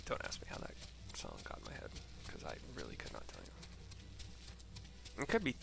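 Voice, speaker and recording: A man's voice: a bass voice, wildly swooping pitch, moderate pace, vocal fry, background noise. A man casually reading out and narrating a game story for blind viewers, rambling, swearing and laughing at himself. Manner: rambling, swears, self-deprecating. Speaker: gaming narrator.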